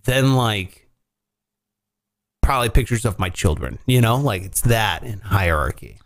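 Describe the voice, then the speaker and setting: A man hosting a comedy podcast, telling odd news stories in a joking, animated way and often laughing. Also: fairly low pitch, unhurried. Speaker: podcast host. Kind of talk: casual comedic news chat.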